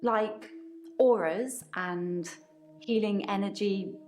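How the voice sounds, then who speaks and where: A woman voicing a skeptical young patient who speaks flatly and dismissively. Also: medium pitch, slow, soft background music, lightly acted.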